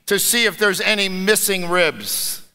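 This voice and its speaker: A man's voice: high-pitched, unhurried, sharp tone, clean tone, full character voice. A man voicing an upset wife confronting her husband with accusing questions. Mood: suspicious. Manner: accusing, pointed.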